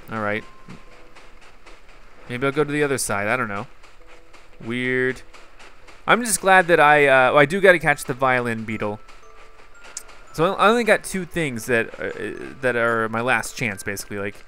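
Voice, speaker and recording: With faint music in the background, this gaming YouTuber chats and rambles through gameplay commentary addressed straight to his audience. He speaks at a moderate pace in a mid-range, pushed and bright voice, pausing often.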